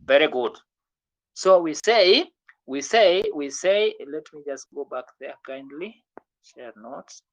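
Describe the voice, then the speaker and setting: A language teacher giving an online French lesson, patiently encouraging students and repeating words slowly so they can drill them. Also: medium pitch, expressive.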